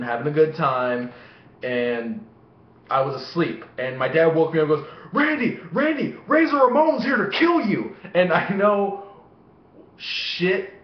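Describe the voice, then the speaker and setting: Swearing young man telling stories, echoey. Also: mid-range voice. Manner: heavy swearing, animated acting-out of voices. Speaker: vlogger. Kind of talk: rambling personal storytelling. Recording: echoey room, dull lo-fi sound.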